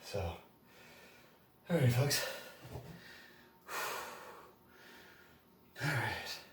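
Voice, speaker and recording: A man's voice: mid-range voice, animated, drawn-out words, echoey room, far from the mic, background noise. A man vlogging his workout, out of breath and chatting between sets. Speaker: fitness vlogger. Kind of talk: casual workout talk to camera.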